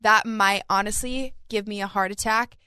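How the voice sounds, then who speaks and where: A woman's voice: medium pitch, fairly even intonation, moderate pace, sharp tone, smooth, no echo, studio quality. A young woman co-hosting a podcast, chatting casually and telling stories with acted-out quotes. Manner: chatty storyteller, acts out quotes of family. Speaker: podcast co-host. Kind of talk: casual chat.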